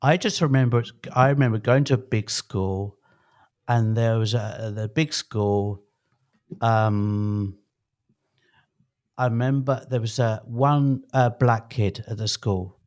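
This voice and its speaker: A man's voice: medium pitch, fairly even intonation, takes it slowly, darkish tone. A man in his fifties co-hosting a podcast, chatting casually in a rambling, jokey way that keeps interrupting itself. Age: 50s. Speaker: podcast co-host. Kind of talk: casual chat.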